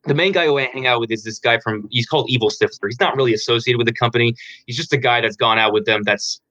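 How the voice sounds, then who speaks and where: Bright-voiced man giving frank dating advice. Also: medium pitch, quick pace, dry recording. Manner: frank, explanatory, many fillers and restarts. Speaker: dating coach guest. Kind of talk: casual interview answers. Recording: dull lo-fi dry audio.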